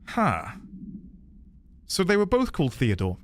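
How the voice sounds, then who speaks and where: A man's voice: mid-range voice, big pitch swings, moderate pace, pauses often, a little hiss or hum. A man giving casual live-stream commentary, chatting with viewers while he plays and thinks aloud. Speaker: streamer playing a video game.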